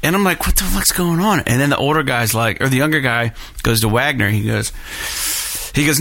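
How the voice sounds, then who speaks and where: A man casually telling a long story in a profane, animated way, acting out the people he quotes. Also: medium pitch, a little fast.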